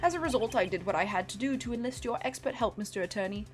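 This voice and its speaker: A woman's voice: medium pitch, fast, soft background music, close to an everyday voice. A woman reading a polite, menacing male assassin in a put-on British accent, formal and coolly threatening. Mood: polite menace. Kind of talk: reading game dialogue aloud.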